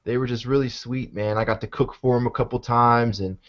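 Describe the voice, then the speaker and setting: A man's voice: mid-range voice, steady tone, brisk, fairly bright tone, highs cut off. A man hosting a casual live-show chat, laid-back and profane, calling everyone "man". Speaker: show host.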